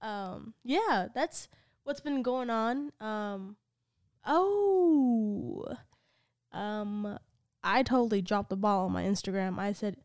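A woman in her twenties co-hosting a podcast, chatting casually with lots of laughter and animated storytelling. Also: mid-range voice, slow. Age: 20s. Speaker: podcast co-host. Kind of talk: casual chat.

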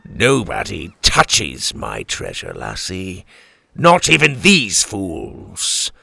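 Cocky pirate captain, a man voicing him; slow, sneering, gravelly, swings up and down. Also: sits low, wildly swooping pitch, sharp tone, dry recording, exaggerated voice. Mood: menacing. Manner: playful, mocking, theatrical.

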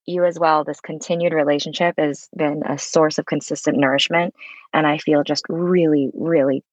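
A woman with a very low voice talks as a podcast guest, expressive and effusive and at ease with swearing. Her recording sounds dry and a little dull, like a lo-fi mic. She comes across as a coach sharing practical advice in a relaxed conversation. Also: normal speed, no echo. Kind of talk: conversational interview.

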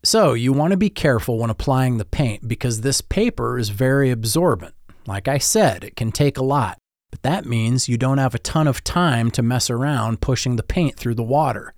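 A man voicing a gruff but kind male art teacher who explains things in a calm, encouraging way. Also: mid-range voice, normal speed, dry recording, studio quality, natural voice. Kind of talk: audiobook-style storytelling.

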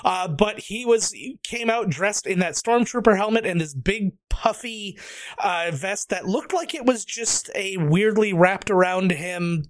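Guy with a high voice telling a long story on a podcast, dry mic. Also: animated, unhurried, dry recording. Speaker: podcast panelist. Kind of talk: casual storytelling chat.

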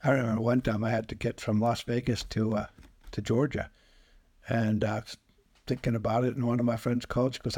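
A man, a spiritual healer, speaking as a podcast guest and telling lively anecdotes, acting out the quoted voices. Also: mid-range voice, fairly quick, husky, no room sound. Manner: animated anecdotes, acts out quoted voices, chuckles often. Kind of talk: casual storytelling interview.

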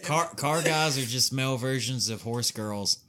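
Man, podcast co-host, casual chat, joking, rambling, self-deprecating, medium pitch. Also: measured pace, bright, forceful tone, a little hiss or hum.

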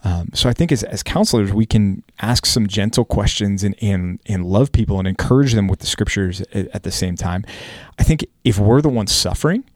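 Hosting a casual Bible study podcast, a man teaches scripture in an earnest, conversational way, sometimes acting out the quotes he reads. His voice is fairly low and brisk, recorded at studio quality with no echo.

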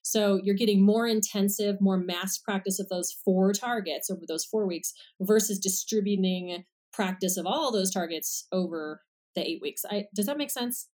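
A woman's voice: medium pitch, normal speed, darkish tone. A woman speech-language pathologist explaining treatment methods on a podcast in a casual, step-by-step way, giving everyday examples.

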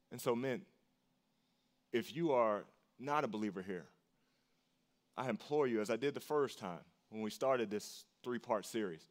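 A man preaches a sermon as pastor, earnest and forceful in tone. He repeats brief phrases to give them weight and jumps up in pitch whenever he hits a key line.

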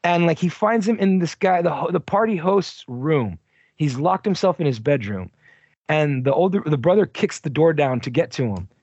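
A man's voice: a little high, animated, moderate pace, darkish tone, slightly rough, no room sound, muffled recording. A man co-hosting a casual movie podcast, talking bluntly with lots of swearing and "like.". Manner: blunt, profane, heavy use of "like". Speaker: podcast co-host.

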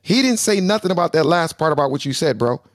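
Rapid, high-pitched male co-host, keeps interrupting, casual slang. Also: lively intonation, no echo, clean studio sound. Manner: rapid, interrupts with repeated "hey" and "bro". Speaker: debate show host. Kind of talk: heated live debate.

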